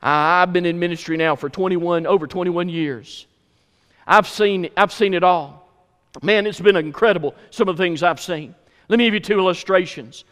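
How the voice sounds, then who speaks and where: A man's voice: high-pitched, moderate pace, a bit bright, smooth. A middle-aged man preaching a sermon as pastor, emphatic and repeating phrases for stress in a church. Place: church sanctuary. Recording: hall reverb.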